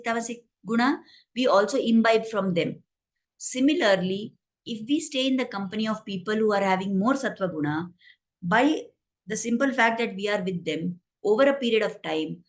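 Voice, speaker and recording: A woman leads a spiritual discourse in a slow, deliberate, explanatory way. She weaves a folk tale into her teaching. Her voice sits at an ordinary middle pitch. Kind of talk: scripture discourse with storytelling.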